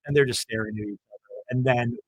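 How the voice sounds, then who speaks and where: A man hosting a comedy podcast, recapping a TV episode in a joking, animated way with lots of fillers. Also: medium pitch, fast talker, dry recording. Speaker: podcast host.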